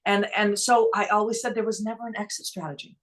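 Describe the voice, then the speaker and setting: A woman's voice: mid-range voice, fast talker. A middle-aged woman speaks earnestly as an interview guest. She tells her story candidly and with feeling, in a conversational way. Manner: earnest, emotional, quotes others in lively voices. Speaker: nonprofit founder and guest.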